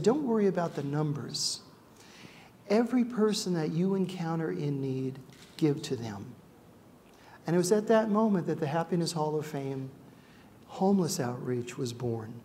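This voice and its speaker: A middle-aged man giving a ceremony speech, telling animated stories with frequent "uh" fillers and acting out the quotes. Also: fairly high pitch, a little hiss or hum. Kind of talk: storytelling speech to an audience.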